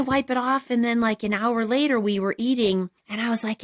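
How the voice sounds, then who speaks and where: Animated woman in her forties telling a story. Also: a little fast, few pauses. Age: 40s. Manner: animated, acts out quoted voices in high bursts. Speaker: podcast host. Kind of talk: casual storytelling chat.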